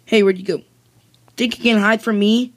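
A gamer chatting casually during a co-op game, bossy and teasing, breaking into excited whoops. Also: mid-range voice, moderate pace, slight background noise. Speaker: let's play gamer. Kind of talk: casual co-op gaming chat.

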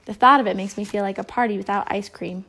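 A woman's voice: medium pitch, fairly even intonation, quick pace, bright, forceful tone. A party-loving bear from a children's storybook, voiced by a woman reader. He jokes playfully and eagerly. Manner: playful, joking.

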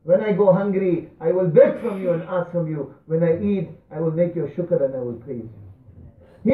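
A man preaching a sermon in a mosque hall, impassioned, swinging between high cries and hushed tones. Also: a little fast. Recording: distant, tinny, echoey mosque recording.

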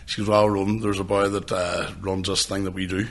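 A man's voice: low voice, flat delivery, fairly quick, fairly bright tone. A man co-hosting a podcast, telling sweary stories in casual chat with bursts of laughter. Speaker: podcast co-host.

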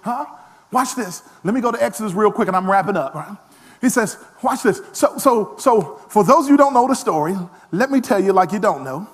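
A man preaching a lively sermon as pastor, self-deprecating, with frequent call-and-response asides. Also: high voice, fairly quick.

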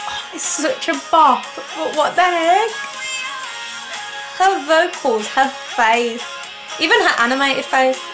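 Young female reaction vlogger with a high voice and an excitable, gushing delivery; soft music in the background. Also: slow. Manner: excitable, gasping, rambling. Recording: faint music playing behind. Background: faint music.

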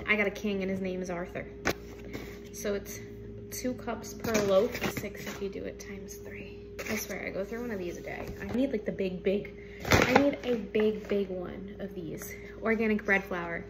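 A woman hosting a casual cooking video in a home kitchen, talking quietly and chattily, sometimes half-murmuring. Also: medium pitch, unhurried, background noise. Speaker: home cook, channel host. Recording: kitchen clatter of dishes and utensils.

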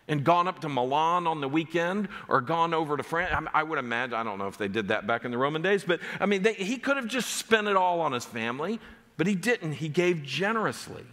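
A man's voice: sits high, a bit bright, in a large hall. A man preaching a sermon as pastor, driving home numbered points with rising emphasis. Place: church sanctuary.

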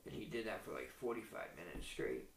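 A man giving a halting first-person account of abuse as an interview guest, acting out what each person said. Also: low-pitched, expressive, gravelly. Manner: halting, retells events as quoted dialogue. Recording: echoey room, distant mic, faint hiss.

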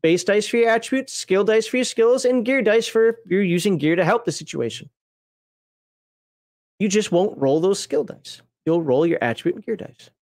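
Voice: mid-range voice, normal speed, a little mellow. A game master walking through tabletop game rules on a livestream, talking casually with frequent restarts, self-corrections and joking asides. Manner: rambling, self-correcting, conversational; folksy, jokey asides.

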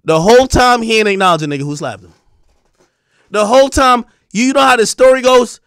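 A man in his thirties ranting on a stream, animated, profane and mocking. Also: very high voice, a little fast, clean tone, no echo, studio quality. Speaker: streamer commentator. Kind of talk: ranting commentary.

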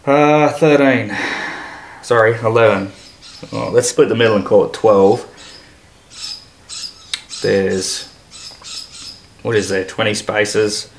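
A man's voice: on the low side, fairly even intonation, takes it slowly, pauses often. An Australian man talking casually as he builds, thinking aloud and picking at his own mistakes in a workshop. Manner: thinking aloud, self-critical, easygoing. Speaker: boat builder vlogger. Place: boat shed workshop. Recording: echoey workshop, faint background noise.

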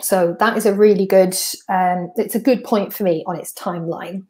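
A chatty woman from North Wales hosts a podcast, talking through a walkthrough at mid pitch. She explains things step by step in an easygoing, conversational way. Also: fairly even intonation, moderate pace, dark tone. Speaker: podcast host. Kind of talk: casual explanatory walkthrough of slides.

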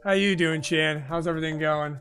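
A man hosting a live gaming stream, chatting casually in a rambling, profane way full of "like" fillers, into a boom-arm microphone at his home desk. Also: steady tone, fairly quick, fairly bright tone, faint music behind. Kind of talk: casual chat while gaming.

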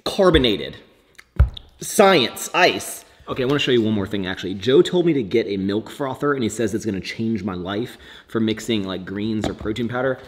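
A young man talking casually to camera in a vlog, joking and animated, swinging between loud excitement and low mutters. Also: normal speed. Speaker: fitness vlogger.

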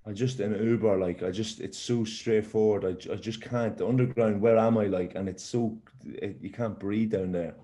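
Casting: young male footballer guest, deep, mellow, halting delivery. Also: steady tone. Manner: halting, repeats words. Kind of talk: casual interview.

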